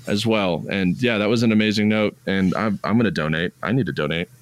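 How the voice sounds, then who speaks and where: A young man co-hosting a casual podcast, talking in an animated, exasperated way with frequent swearing. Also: lowish voice, a little fast, smooth, no echo. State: jet-lagged. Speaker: podcast co-host.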